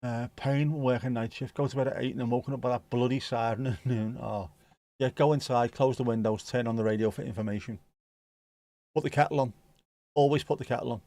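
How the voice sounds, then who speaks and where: A man's voice: mid-range voice, fairly even intonation, fairly quick, mellow, dry recording. A man hosting a football watch-along stream, chatting casually and joking as he reads viewer comments.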